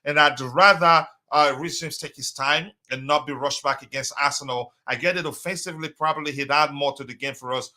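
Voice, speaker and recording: A man's voice: on the high side, fairly even intonation, a little fast, few pauses, sharp tone. A man hosting a casual live stream, talking loosely with many fillers and reading out viewers' messages. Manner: hesitant, many fillers, reads chat aloud.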